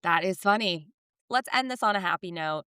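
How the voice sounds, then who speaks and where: In a casual podcast chat, a thirtysomething female co-host tells stories with animation, performing the quoted voices herself. She speaks at a normal speed in a lowish, clean voice, captured in studio quality with no echo.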